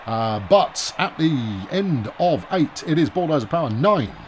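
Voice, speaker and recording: A man's voice: on the high side, animated, measured pace, slight background noise. A man giving wry, chatty commentary while he plays a baseball video game, often talking to himself. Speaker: gaming video host. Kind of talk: let's-play commentary.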